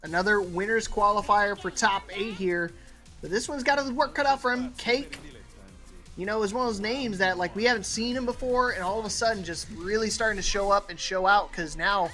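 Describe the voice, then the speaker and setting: A co-caster talks through a fighting game match in a casual, joking, conversational way. The voice sits at a middle pitch with a bright edge, and faint music plays behind. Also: a little fast. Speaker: esports commentator. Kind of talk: fighting game tournament commentary.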